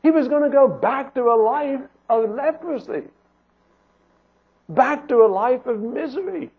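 A man's voice: extremely high pitch, expressive, unhurried, breathy edge. A man preaching a sermon in an earnest, pleading way, asking rhetorical questions and restarting phrases. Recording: phone-like narrow band.

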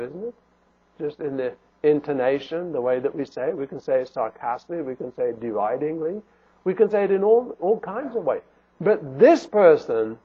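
Male preacher, high husky voice, earnest and pleading, recorded on a phone-like line. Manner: earnest, pleading rhetorical questions, restarts. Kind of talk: sermon. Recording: phone-like narrow band.

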